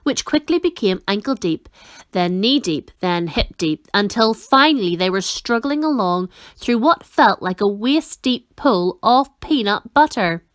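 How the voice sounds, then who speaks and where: A woman reading a children's novel aloud in an expressive storytelling manner. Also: mid-range voice, measured pace, dry recording, studio quality. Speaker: reader.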